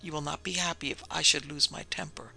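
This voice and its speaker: A man's voice: a little high, steady tone, fairly quick, creaky, bright, forceful tone, breathy edge, faint music behind, exaggerated voice. A man voicing a menacing reptilian female creature with an icy, smug manner, read in a storybook. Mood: cold.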